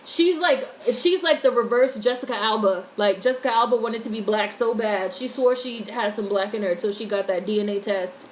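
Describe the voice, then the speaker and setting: A woman's voice: on the high side, moderate pace, few pauses, a little hiss or hum, rough recording. An American woman giving blunt, opinionated casual commentary on a livestream, swearing freely as she reads and answers chat. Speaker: YouTube commentator reading chat.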